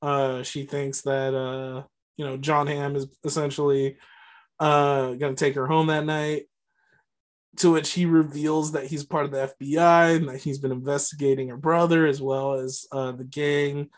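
A man's voice: a little high, level tone, normal speed. A man casually recapping a film plot on a podcast, rambling with lots of fillers and restarts. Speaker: podcast co-host. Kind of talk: casual movie recap chat.

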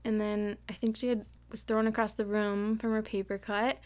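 A woman's voice: medium pitch, level tone, normal speed. A young woman co-hosting a casual book-club podcast, chatty and giggly, reading passages aloud. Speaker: podcast co-host.

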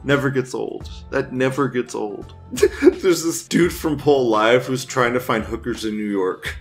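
A man's voice: mid-range voice, animated, unhurried, gravelly, soft background music. A man giving casual, crude and profane commentary as he reads out forum posts, laid-back and chuckling. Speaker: streamer reading forum posts.

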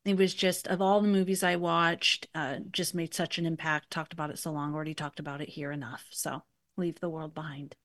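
Female podcast co-host, lower pitch, enthusiastic, dry close recording. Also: little pitch movement, brisk, a bit bright, dry recording. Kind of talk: casual podcast chat.

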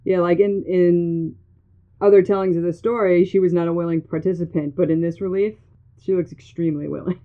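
Woman, casual podcast host, giggly, jokey, slightly low voice, tinny phone-line sound. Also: fairly even intonation, brisk. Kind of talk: casual chat.

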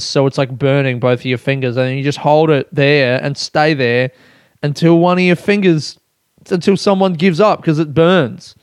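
A man's voice: medium pitch, smooth, no room sound, clean studio sound. A young man hosting a casual solo podcast, rambling and self-mocking, swearing often and laughing at himself. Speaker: podcast host.

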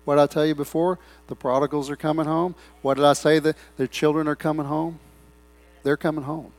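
A middle-aged man preaching a sermon in a church, breaking into loud swells and rambling asides. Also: a little high, level tone, brisk. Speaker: pastor. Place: church sanctuary.

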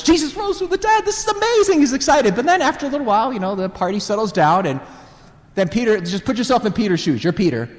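Animated male preacher in a reverberant hall. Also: fairly high pitch. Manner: animated, acts out dialogue, asks the audience questions. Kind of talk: sermon.

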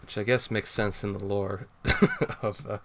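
A man's voice: fairly low pitch, measured pace, pushed and bright, slight background noise. A man co-hosting a casual chat about a comic, explaining at length with many fillers and swearing. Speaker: co-host reviewing a comic.

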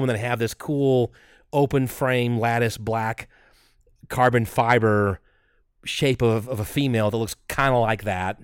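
A man co-hosting a podcast, chatting casually and excitedly, rambling and restarting his sentences. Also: mid-range voice, smooth, dry recording, clean studio sound. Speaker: podcast co-host.

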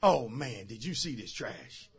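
A man preaching a sermon as pastor. He drives his points with shouted phrases and repeated calls to the congregation. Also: mid-range voice, animated, unhurried, slightly rough. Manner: emphatic call-and-response preaching, shouting key phrases. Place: church service.

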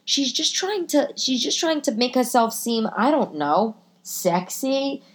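A woman's voice: on the high side, expressive, a little slow. A woman hosting her podcast alone from her living room, talking into a computer microphone in a rambling, profane, self-mocking comedic monologue full of restarts. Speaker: podcast host.

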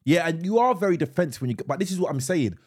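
Animated, husky-voiced man telling stories. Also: fairly high pitch, racing. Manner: animated storyteller, acts out voices. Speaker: podcast co-host. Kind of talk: casual chat.

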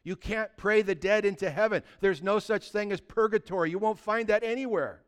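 A middle-aged man preaching a sermon as pastor, animated and humorous, rattling off quick lists between scripture readings. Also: high-pitched, clean tone. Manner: animated, humorous asides, rapid list-making.

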